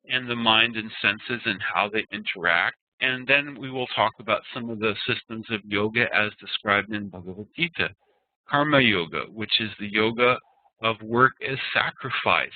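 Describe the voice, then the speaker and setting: A man teaching an online class, explaining terms and slowly chanting Sanskrit verses. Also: on the low side, no room sound. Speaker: Ayurveda teacher. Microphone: video call. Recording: tinny phone-like web call audio.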